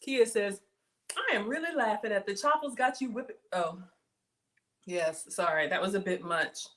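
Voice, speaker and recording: A middle-aged woman chats through a home cooking livestream. She is excitable and talkative, with a voice of middle pitch. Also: moderate pace. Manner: chatty and excitable, talks to viewers with "y'all". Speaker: home cook livestream host. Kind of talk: casual livestream cooking chat.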